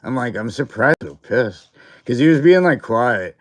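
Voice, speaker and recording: A man running a livestream recounts something from school in a loose, casual storytelling style, with plenty of filler words and laughing fits. His mid-range voice is animated and moves at a moderate pace.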